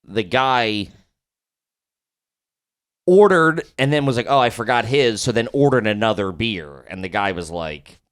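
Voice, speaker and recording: A man's voice: on the low side, animated, measured pace, long pauses, fairly bright tone, clean tone. A man co-hosting a podcast, telling a rambling story full of swearing and quoted back-and-forth. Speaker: podcast co-host. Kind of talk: casual storytelling chat.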